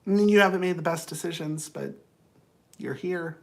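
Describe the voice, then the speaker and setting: A man's voice: on the high side, normal speed, vocal fry. A man who counsels people, talking straight to viewers in a casual, rambling motivational monologue, earnest and blunt.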